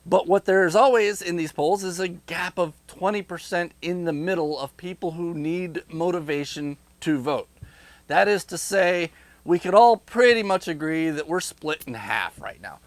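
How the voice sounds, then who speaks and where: A man giving a direct-to-camera political monologue, rhetorical and animated, slipping into mocking voices. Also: high-pitched, moderate pace, no echo. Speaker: political commentator.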